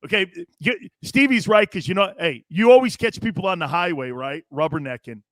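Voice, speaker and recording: A brash man hosting a sports talk show, loud and joking and quick to laugh at viewer comments. His voice sits high and bright, with a forceful edge. The mic is close and the sound is dry, with no room in it. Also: no room sound.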